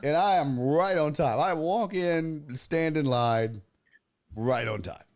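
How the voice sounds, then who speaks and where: A man's voice: fairly high pitch, slow pace, darkish tone. A man from Texas, hosting a podcast and telling a story in a casual, profane, ranting way. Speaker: host.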